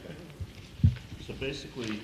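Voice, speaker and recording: A man on a zoning board questioning an applicant in a friendly, methodical way with pauses. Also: mid-range voice. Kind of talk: public hearing questioning. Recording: echoey room, loud noise.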